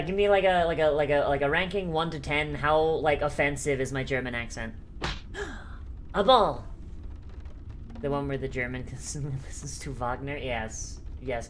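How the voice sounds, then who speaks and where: A woman's voice: very deep voice, slight background noise. A young adult woman streaming, chatting casually in a rambling, profane way with many fillers and frequent laughter. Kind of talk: casual live-stream chat.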